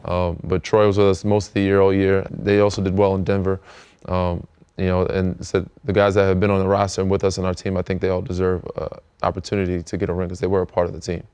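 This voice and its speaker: A man's voice: deep voice, quick pace, clean tone. An American man in his thirties, a podcast host chatting casually with plenty of fillers. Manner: relaxed, rambling, many fillers. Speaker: podcast host, pro basketball player. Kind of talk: casual chat.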